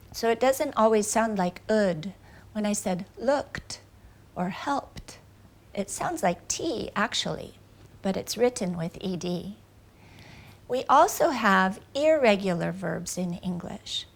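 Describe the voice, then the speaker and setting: A woman teaching English grammar in a video lesson, explaining carefully and reading out example sentences. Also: fairly high pitch.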